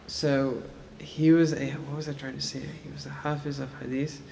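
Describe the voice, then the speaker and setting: A man's voice: mid-range voice, level tone, normal speed, creaky, darkish tone, a little hiss or hum. Man lecturing in a reverberant hall. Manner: conversational, frequent "right?" and "like" fillers. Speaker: Islamic studies teacher. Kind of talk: casual lecture with anecdotes.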